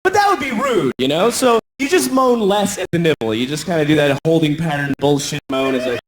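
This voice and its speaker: In a sing-song, fairly quick delivery, an American stand-up comic runs a crude, self-deprecating routine. He plays out different voices with big pitch shifts.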